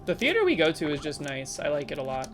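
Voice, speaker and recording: A woman with a fairly low voice gives casual live commentary while she plays a game. She chats playfully with her viewers and sometimes lets out sudden loud exclamations. Faint game music runs underneath her. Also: huge pitch swings, fast talker. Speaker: streamer.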